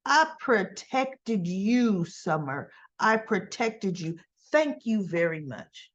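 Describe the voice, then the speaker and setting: A woman's voice: mid-range voice, sing-song, slow pace, few pauses. A woman host casually recapping a soap opera episode, retelling the scenes in quoted dialogue and adding sarcastic asides. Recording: dull lo-fi recording.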